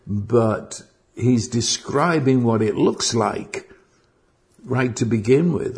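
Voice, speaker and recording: A man preaching a sermon, slow and earnest, often repeating words as he restarts, rising to fervent outbursts. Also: medium pitch, gravelly, a little mellow.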